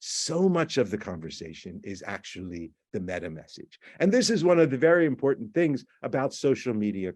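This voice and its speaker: A man's voice: medium pitch, a little mellow, no room sound. Man lecturing in a dry, close room. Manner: explanatory, repeats words, acts out quoted texts. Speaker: university lecturer. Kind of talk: recorded lecture.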